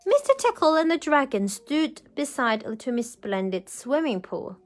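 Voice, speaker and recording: A woman reading a picture book aloud to children as a storyteller, animated and often asking them questions. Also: high voice, normal speed.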